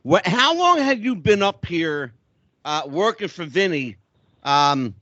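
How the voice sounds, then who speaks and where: A male host with a bright, fairly high voice that swings widely in pitch and moves at an unhurried pace. He keeps jumping in with eager reactions. The sound is dry and a little dull. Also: very animated, no echo. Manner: eager interjections, quick to laugh along. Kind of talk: casual chat.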